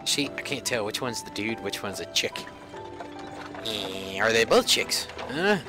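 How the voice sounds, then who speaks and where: A man's voice: lowish voice, very animated, unhurried. A man giving casual, joking commentary while playing a game, muttering offhand asides. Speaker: let's play gamer. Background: game music.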